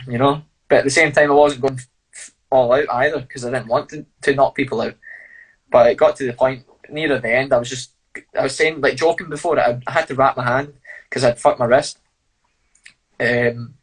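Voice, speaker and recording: A man's voice: mid-range voice, steady tone, moderate pace, long pauses, slightly rough, low-quality recording. A man telling sweary, laughing stories as an interview guest. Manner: blunt, sweary, laughing storyteller. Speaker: fighter and guest. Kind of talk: casual storytelling interview.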